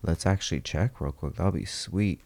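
Male podcast co-host, very low voice, easygoing banter. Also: moderate pace, gravelly, darkish tone. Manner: laid-back, joking, earnest when praising. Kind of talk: casual chat.

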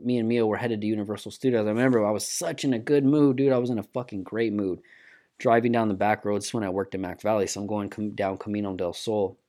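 A low-voiced man telling a road-rage story. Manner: profane, animated storyteller acting out quotes. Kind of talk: casual chat, storytelling.

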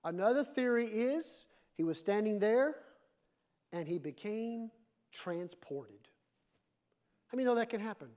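Male pastor, very high voice, lively sermon with humorous asides. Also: a little slow, long pauses. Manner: animated preaching with playful asides.

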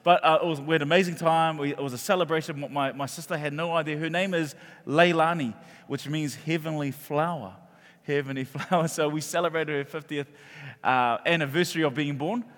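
A man's voice: on the high side, brisk. A man, preaching a sermon and telling stories animatedly, acting out the voices of the people in them. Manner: animated storytelling that acts out quoted voices. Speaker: pastor. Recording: echoey hall reverb.

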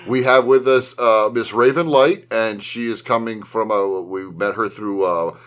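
A man's voice: fairly low pitch, unhurried, a bit bright. A man hosting a casual podcast, rambling and laughing with lots of restarts. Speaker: podcast host. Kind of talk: casual chat.

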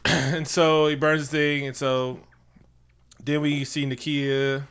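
A man casually recapping a movie with a friend, retelling scenes animatedly and jumping into exaggerated high-pitched voices for the characters. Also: flat delivery, measured pace, fairly bright tone, a little hiss or hum.

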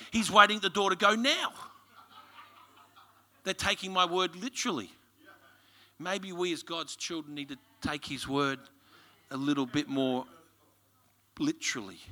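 A man with an Australian accent preaching a sermon, telling lively stories and calling out to the congregation. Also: high voice. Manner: lively storytelling, calls to the congregation. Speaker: pastor.

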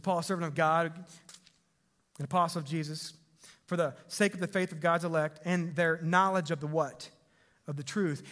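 A man preaching a sermon as pastor, telling a Bible story with animated emphasis that swings between loud and quiet. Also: on the high side. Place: church sanctuary.

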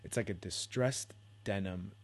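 Lowish-voiced man ranting casually. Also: a little slow, husky. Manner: loose, profane, rambling with many fillers. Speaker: podcast host. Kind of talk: casual solo podcast rant.

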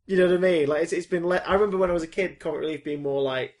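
Rambling, sweary podcast host. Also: male voice, fairly high pitch, darkish tone. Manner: rambling, sweary, quick bursts. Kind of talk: casual chat.

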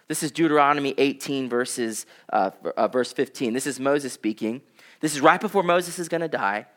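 A pastor in his thirties preaches to his congregation with a fairly high, voice. He talks casually, with ums and likes, and sinks low and quiet whenever he reads scripture aloud. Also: expressive, moderate pace. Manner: conversational preaching with fillers, dropping low for scripture quotes. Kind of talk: sermon.

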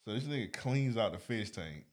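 A man's voice: lowish voice, moderate pace. A man co-hosting a podcast, telling funny stories in casual chat and acting out the people he quotes. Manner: animated storyteller, acts out quotes. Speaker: podcast co-host.

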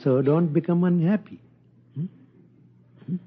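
An older man giving an informal spiritual talk, speaking slowly and gently and chuckling often. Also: on the high side, slightly rough, narrow, tinny audio. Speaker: spiritual teacher.

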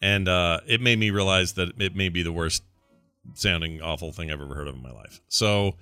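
A man's voice: sits low, normal speed, bright, forceful tone, dry recording, soft background music. A man co-hosting a live morning show, chatting casually, laughing and talking to his chat room. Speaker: podcast co-host.

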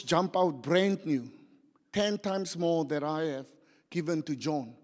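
A middle-aged man preaching a sermon in a church hall, animated and rousing the congregation. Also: a little high, slow pace. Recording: long church hall reverb.

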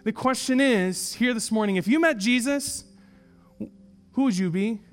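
A man's voice: extremely high pitch, unhurried, soft background music. A man preaching a sermon in a church and reading an allegory aloud, earnest and emphatic, repeating his key lines. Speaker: pastor.

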